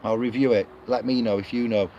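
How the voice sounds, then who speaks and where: A man's voice: medium pitch, fairly even intonation, brisk, warm tone. A man rambling casually to camera, reviewing a book, with lots of fillers and restarts. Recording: muffled lo-fi audio with clear street noise.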